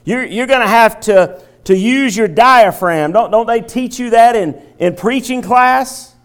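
A man's voice: extremely high pitch, unhurried, fairly bright tone, voice pushed up, heavily acted. A male preacher voicing an older farmer who teases in a raised voice within a sermon story. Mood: teasing.

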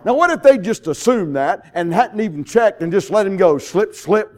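Give me a high-pitched man preaching a story-filled sermon. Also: lively intonation, normal speed, hardly any pauses. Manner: storytelling with swings from loud to hushed.

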